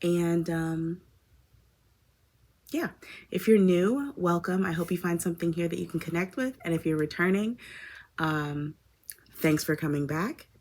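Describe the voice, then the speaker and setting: Unhurried chatty woman hosting a podcast. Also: fairly low pitch, a little mellow. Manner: chatty and meandering, with filler words. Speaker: podcast host. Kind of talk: casual chat. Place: her home.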